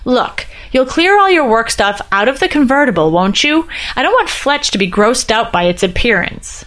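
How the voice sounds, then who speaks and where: A woman's voice: sing-song, normal speed, fairly bright tone. A woman reading a short story aloud, lightly lifting her voice for the characters' dialogue. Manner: reads all characters lightly, with small pitch lifts for dialogue. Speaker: narrator. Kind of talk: scripted narration.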